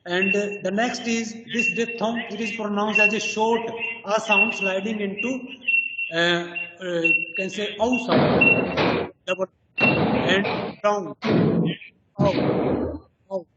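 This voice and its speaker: A woman teaching as she explains step by step, hesitant and full of pauses and fillers. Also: medium pitch, steady tone. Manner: hesitant, many pauses and "you can say" fillers. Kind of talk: slow explanatory lecture. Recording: distant echoey dull-sounding recording with loud noise.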